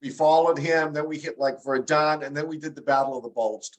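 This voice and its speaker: A man hosting a casual podcast chat, sharing stories in an animated, thoughtful way. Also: fairly high pitch, a little fast, poor audio. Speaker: podcast host.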